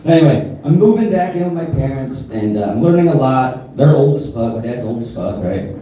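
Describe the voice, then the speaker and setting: A man in his thirties doing a crude stand-up comedy set in a club, with a deadpan delivery and asides to the crowd. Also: medium pitch, brisk, a little hiss or hum. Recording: roomy live club sound, from a distance.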